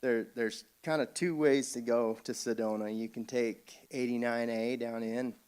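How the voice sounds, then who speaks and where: Halting man telling a family story. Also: mid-range voice, fairly even intonation, darkish tone, smooth. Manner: halting, with frequent restarts and chuckles. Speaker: family member giving a eulogy. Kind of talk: storytelling at a funeral service.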